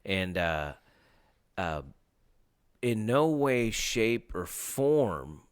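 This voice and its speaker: A man's voice: on the low side, sing-song, very slow, clean tone, dry recording, studio quality. A man hosting a casual podcast, rambling loosely with lots of hesitations. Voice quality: rambling, lots of fillers and restarts. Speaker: podcast host.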